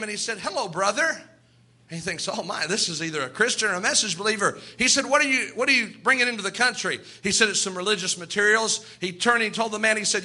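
A man's voice: sits high, pushed and bright. A man preaching a fervent sermon, acting out the people in his stories.

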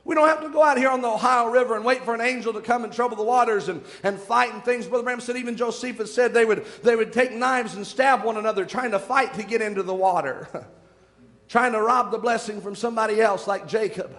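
A male preacher with a very high, fairly bright voice delivers a fervent sermon, slowing down to draw out scripture phrases for emphasis. The long reverb of a church hall rings around him.

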